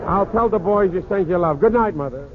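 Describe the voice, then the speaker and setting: A man with a high voice runs a one-sided comic phone call with quick patter. It reaches us as a tinny, narrow-band 1940s radio transcription. A faint hiss sits under it. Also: animated. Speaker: comedian and emcee. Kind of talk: 1940s radio comedy monologue.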